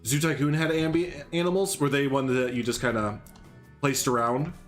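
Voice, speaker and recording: A man's voice: medium pitch, fairly even intonation, moderate pace, faint music behind. A young man chatting casually on a live stream while he builds in a game, rambling, humming and greeting viewers by name.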